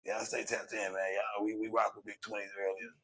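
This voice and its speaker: A man with a St. hosting a casual commentary show, animated and profane, often repeating himself. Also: fairly low pitch, fairly quick, crowd noise, low-quality recording. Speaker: podcast host.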